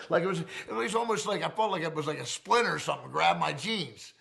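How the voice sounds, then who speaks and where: A middle-aged man, telling his story in an interview in a profane, animated way. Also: a little high, fast talker, creaky, few pauses.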